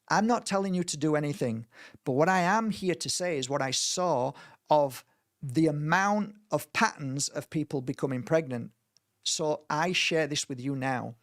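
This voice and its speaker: Male healer, slightly high voice, earnest and rambling, dry close mic. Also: gravelly, dry recording. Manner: earnest, rambling, with frequent restarts and mimicked voices. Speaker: spiritual healer leading a workshop. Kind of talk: informal spoken workshop talk.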